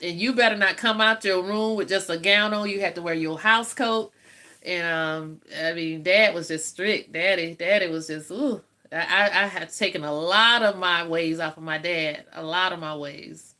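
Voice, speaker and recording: Woman, 50s, livestream host; bright, forthright voice, folksy chat with frequent laughs. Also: fairly low pitch, moderate pace. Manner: chatty, laughs often, folksy storytelling. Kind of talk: casual live chat with viewers.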